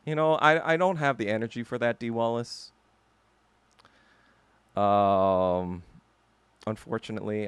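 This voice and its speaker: A man's voice: fairly low pitch, clear, resonant tone, no echo. A man hosting a podcast alone, ranting in a heated, profane, emphatic way. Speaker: podcast host. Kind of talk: solo ranting commentary.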